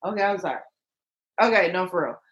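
A woman tells stories on a casual podcast. Her voice swings widely in pitch as she jokes and builds up her news. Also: fairly quick, echoey room, low-quality recording. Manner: animated, joking storyteller. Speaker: podcast co-host. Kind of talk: casual chat.

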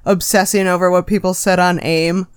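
A woman's voice: lowish voice, little pitch movement, moderate pace, clean tone. A woman co-hosting a podcast, talking in blunt, sarcastic, profane casual chat. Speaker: podcast co-host.

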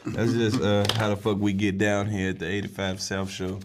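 A man's voice: lowish voice, level tone, moderate pace, background noise. A man hosting a podcast in a crude, joking, laid-back casual chat. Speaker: podcast host.

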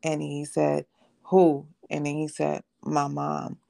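A woman with a low, gravelly voice recounts her own story on a podcast. She tells it conversationally and slips into the voices of the people she quotes. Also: monotone, slow, warm tone. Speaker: podcast guest. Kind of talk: personal testimony in conversation.

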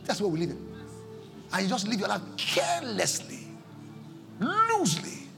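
A Nigerian-accented man preaching a sermon as pastor, impassioned, swinging between shouts and low pleading, in a church service. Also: sing-song, moderate pace, gravelly, music in the background.

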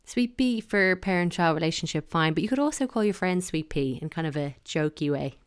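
A woman's voice: lowish voice, animated, brisk, clear, resonant tone, no echo, clean studio sound. An Irish woman talking casually and wryly, giving her opinions in a chatty monologue.

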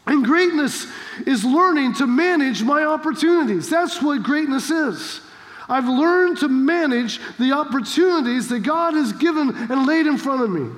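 High-voiced preacher man, fired up and exhorting, sermon in an echoey church hall. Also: animated, moderate pace, a bit bright. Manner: fervent, exhorting, with storytelling asides. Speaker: pastor.

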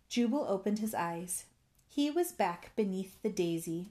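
Slow, gentle woman storyteller. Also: mid-range voice, lively intonation. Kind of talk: scripted narration.

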